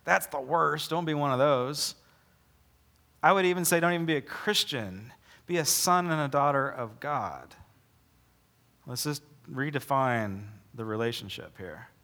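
Pastor, male, conversational sermon with jokes, drawn-out dramatic scripture reading. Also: mid-range voice, expressive, creaky, bright, forceful tone. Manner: casual, joking asides between slow dramatic scripture reading.

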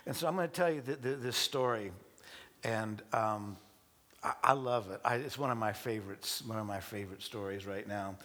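A male pastor preaching to his congregation, halting with many restarts and light joking asides. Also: on the low side, fairly bright tone. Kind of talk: sermon. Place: church service before a congregation.

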